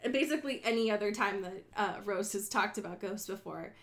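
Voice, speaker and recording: A woman co-hosting a casual podcast, talking about a book in a profane, animated way and acting out the characters' lines. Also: medium pitch, a little fast. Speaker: podcast co-host. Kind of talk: casual book discussion chat.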